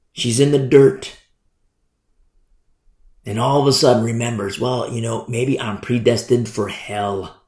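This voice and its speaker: Man, preacher, sermon, emphatic, repetitive, lively pitch, echoey room. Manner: emphatic, repeats phrases for effect.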